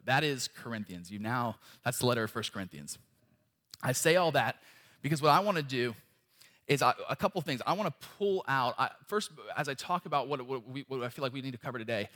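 Impassioned young male preacher, lowish voice. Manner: impassioned, swings between loud emphasis and quiet intimate lines. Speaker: guest speaker. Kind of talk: sermon.

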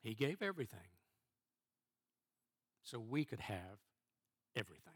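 A middle-aged man, a church elder, preaching a sermon in a halting way, repeating words and restarting before stressing key phrases. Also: mid-range voice, big pitch swings, husky.

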